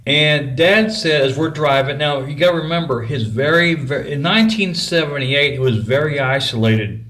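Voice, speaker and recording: A man's voice: on the high side, normal speed, fairly bright tone. A middle-aged man telling a personal story in a folksy, rambling way. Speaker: vlogger.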